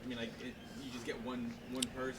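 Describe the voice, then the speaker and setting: A man, a reporter, asking a halting question with several restarts. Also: medium pitch, completely flat delivery. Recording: distant mic with loud background noise.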